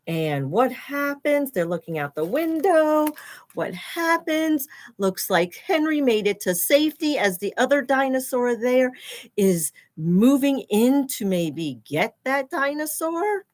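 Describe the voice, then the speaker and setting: A woman reads a picture book aloud to children at an unhurried pace, pausing to explain words and point at the pictures. Her voice sits a little high and swings widely, rising into gasps and exclamations as the story turns exciting. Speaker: teacher reading aloud to children.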